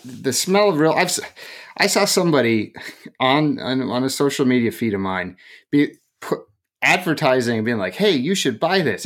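A young man co-hosting a casual podcast, telling stories in a lively, jokey way. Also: a little high. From rural area. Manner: animated, jokey, lively storytelling. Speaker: podcast co-host.

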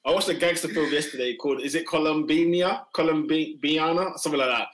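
A man's voice: a little high, a little fast, fairly bright tone, a little hiss or hum. A man hosting a casual football chat, slangy and laughing often. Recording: roomy echo.

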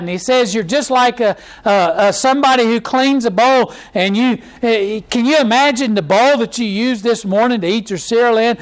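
A man's voice: sits high, moderate pace, rough recording. A pastor preaching a conversational sermon to his church, with many fillers and restarts and mocking impressions.

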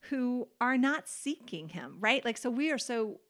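A woman's voice: fairly high pitch, expressive, measured pace, a bit bright. Woman, podcast co-host, casual faith chat, chatty, laughs easily, leans on key words.

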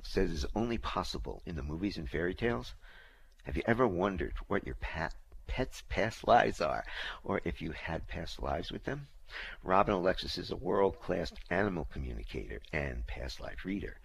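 Male radio co-host, very deep voice, upbeat announcer reads, faint noise on the line. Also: vocal fry. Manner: repeats phone numbers, upbeat promo delivery.

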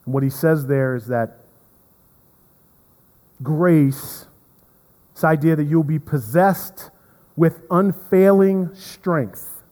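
A man preaching a sermon as pastor, earnest, repeating words and swinging from emphatic to hushed. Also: fairly high pitch, slow pace, pauses often. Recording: long reverb of a hall.

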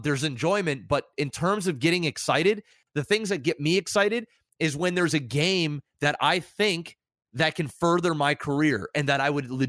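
A man in his thirties who co-hosts a podcast and streams talks candidly and reflectively in casual chat, with animated rises in pitch. The sound is clean studio audio with no room sound.

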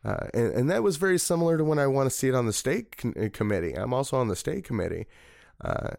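Low-voiced man telling a story. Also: vocal fry, no echo, studio quality. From Missouri, United States. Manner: rambling, relaxed, frequent fillers. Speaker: political party committeeman, guest. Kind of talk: casual interview storytelling.

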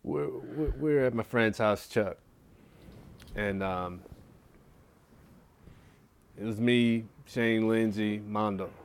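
A man's voice: fairly low pitch, slow pace, gravelly, pauses often, clean tone. Profane male podcast co-host telling anecdotes. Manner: profane anecdote-telling, acting out quoted voices. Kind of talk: casual chat.

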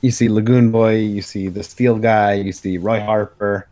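A man's voice: on the low side, steady tone, moderate pace, warm tone. A man co-hosting a podcast, recapping a comic issue in casual chat with many filler words. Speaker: podcast co-host.

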